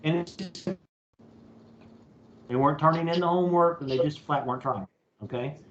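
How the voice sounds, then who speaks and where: In a recorded online class, a professor with a fairly high, slightly bright voice lectures casually at a moderate pace, tacking "okay?" onto nearly every point. The audio comes from a computer mic in a video meeting, roomy and dull with a bit of hiss or hum.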